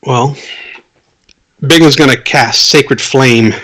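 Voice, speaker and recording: A man's voice: medium pitch, slow pace, a bit bright, low-quality recording. A man playing a tabletop fantasy game, casually describing his character's moves. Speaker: player.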